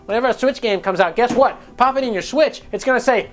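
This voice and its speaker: Man hosting gaming news, rapid-fire and foul-mouthed, faint music underneath. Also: very high voice. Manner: profane, animated, joking. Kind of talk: casual news rant.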